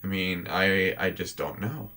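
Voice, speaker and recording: A man voices his hero in a tabletop role-play session. He speaks slowly and haltingly, often stopping to restart a thought. His voice sits fairly low. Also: sharp tone. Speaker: player.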